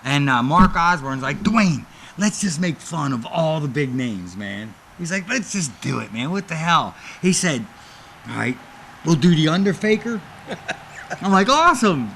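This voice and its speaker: A man's voice: unhurried, a little hiss or hum. A man casually telling stories from his wrestling career in an interview, animatedly acting out the people he quotes. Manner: animated, acts out quoted voices with big pitch jumps.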